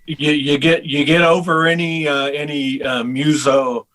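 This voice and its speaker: Bright-voiced middle-aged man from Texas. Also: a little high, measured pace, rough recording. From Houston, Texas. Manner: relaxed storyteller with frequent restarts. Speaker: guest saxophonist. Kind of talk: casual interview chat.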